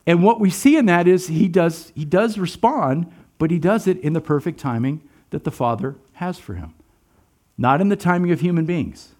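A man's voice: fairly high pitch, normal speed, a little mellow. A man preaching a sermon, earnest and emphatic, asking his listeners rhetorical questions. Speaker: pastor.

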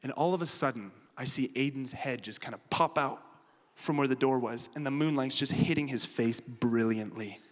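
A man's voice: mid-range voice, normal speed, big-room sound. A man preaching a sermon and telling a funny story with lots of animation. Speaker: pastor.

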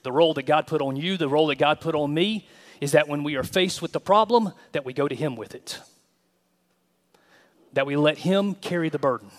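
A male pastor preaching a sermon in an animated, emphatic way with touches of humor. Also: a little high, fairly quick, long reverb tail.

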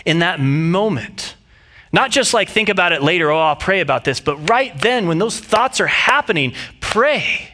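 Bright-voiced man preaching a sermon. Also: sits high, expressive, moderate pace. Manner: earnest, conversational preaching with frequent restarts. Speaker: pastor.

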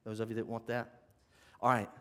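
A man's voice: lowish voice, monotone, brisk, fairly bright tone, clear, resonant tone. A man teaching a sermon, stressing key words, asking the audience questions and having them take notes. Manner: emphatic, asks the audience questions. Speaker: Bible teacher.

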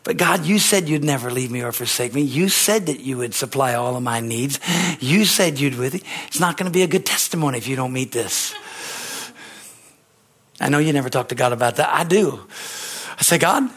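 A pastor preaching a sermon, telling stories with excitement that climbs to shouts, repeating phrases and calling for amens. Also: male voice, medium pitch, fairly quick, slightly rough. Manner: repetitive, emphatic phrasing with call-and-response.

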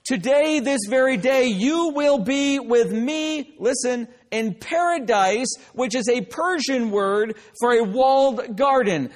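High-voiced emphatic male pastor. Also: slow, hardly any pauses. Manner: emphatic, repeats "listen" for emphasis, joking asides. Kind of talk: sermon.

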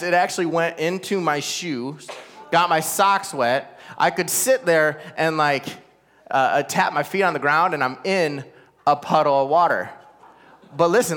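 A man telling a personal family story to a live audience. He is animated and self-deprecating, with frequent asides to the listeners. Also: fairly high pitch, normal speed. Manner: animated, self-deprecating, rising to loud exasperation at the climax; talks straight to listeners with frequent "all right?" asides.

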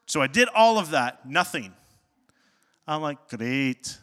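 Bright-voiced pastor preaching in a reverberant hall. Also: male voice, on the high side, a little slow. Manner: animated, self-deprecating storytelling with jokes. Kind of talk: sermon.

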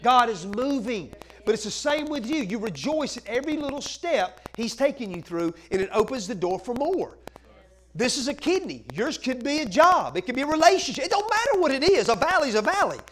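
A man's voice: extremely high pitch, big pitch swings, brisk, a bit bright, low-quality recording. A man pastor preaching a sermon in a church, impassioned and driving his points home with emphatic repetition.

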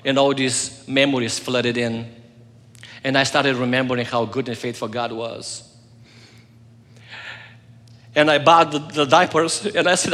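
A pastor delivering an earnest sermon, telling a personal story and swinging between loud passages and soft, hushed moments. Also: male voice, medium pitch, normal speed, long reverb tail.

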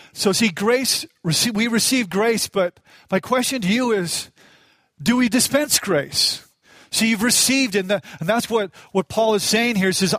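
There's no echo on this recording of a middle-aged man preaching, his voice sitting high with a fairly bright tone. As a pastor, he keeps things conversational and pokes fun at himself while recounting a heartfelt personal story.

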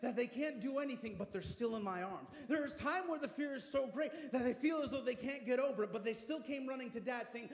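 A man in his thirties delivers a passionate sermon with a fairly high voice. He swings between hushed, close passages and loud, driving ones. The sound rings through a large church hall with a long reverb tail. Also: fairly quick, few pauses. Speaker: pastor. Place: church sanctuary.

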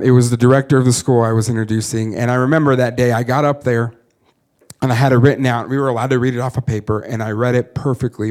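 A man's voice: medium pitch, darkish tone. Earnest man telling his testimony. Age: 30s. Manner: earnest storytelling, quick to laugh at himself. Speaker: missionary. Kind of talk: personal testimony story.

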